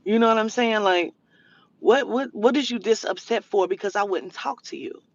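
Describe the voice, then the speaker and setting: Woman, spiritual reader, mid-pitched, profane heated storytime rant, dry muffled recording. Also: normal speed, no room sound. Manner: profane, indignant, mimicking the other person.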